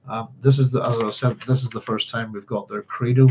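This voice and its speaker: A man's voice: medium pitch, steady tone, a little fast, few pauses, darkish tone, slight background noise. A man hosting a book club livestream, chatty and apologetic, humming to himself as he searches his notes. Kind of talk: casual livestream chat. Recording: slightly dull lo-fi sound.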